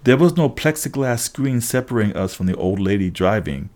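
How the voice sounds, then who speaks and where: A man's voice: mid-range voice, animated, a little fast, a little mellow. A man narrating a first-person story aloud, with occasional slips and restarts. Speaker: audiobook reader.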